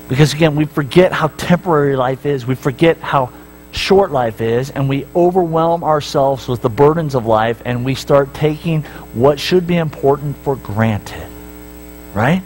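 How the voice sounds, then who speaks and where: A middle-aged man preaching a sermon, animated and storytelling, acting out voices and asking the congregation questions. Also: on the high side, normal speed, slight background noise, low-quality recording. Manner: talks straight to the congregation with repeated questions. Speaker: pastor. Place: church sanctuary.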